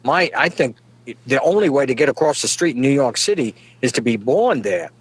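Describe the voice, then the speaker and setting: A man's voice: mid-range voice, animated, brisk, husky, no room sound. A middle-aged man, delivering a folksy, rambling comedic monologue and chuckling at his own jokes. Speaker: comedic podcast guest.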